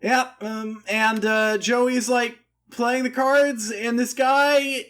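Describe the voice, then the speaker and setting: A man's voice: extremely high pitch, little pitch movement, slow pace, hardly any pauses, fairly bright tone. A man co-hosting a podcast, chatting casually with rambling, self-deprecating jokes. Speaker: podcast co-host. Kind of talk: casual comedic chat.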